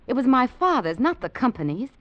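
A woman's voice: on the high side, sing-song, fairly quick, dry recording. A scheming young American woman. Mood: urgent. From Virginia, United States. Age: young adult. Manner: urgent and persuasive. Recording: dull lo-fi old film sound.

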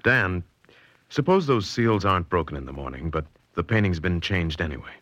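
An actor playing an anxious, eager young painter in a 1940s radio drama, full of worried questions. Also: male voice, deep voice, expressive, normal speed, fairly bright tone, muffled recording.

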